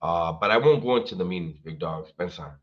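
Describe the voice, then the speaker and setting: A man's voice: sits low, expressive, a little fast, highs cut off. A man hosting a livestream, chatting casually and straight to his viewers, full of slang and swearing. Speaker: livestream host.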